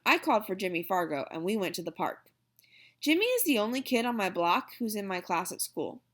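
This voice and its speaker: A woman reading a children's chapter book aloud at home, in a lively, expressive first-person storytelling manner. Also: mid-range voice. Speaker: audiobook reader. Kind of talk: storybook narration.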